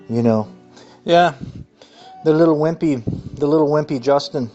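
A man hosting an activist livestream, talking in an excitable, rambling way full of fillers. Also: fairly high pitch, moderate pace, long pauses. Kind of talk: excited casual monologue. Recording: muffled audio with faint music.

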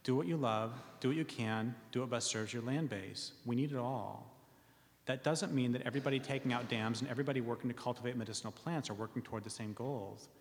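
A man's voice: mid-range voice, fast talker. Man, public talk, earnest, wry asides, filler ums, echoing hall reverb. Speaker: speaker reading from his book. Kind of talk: public talk reading premises to an audience.

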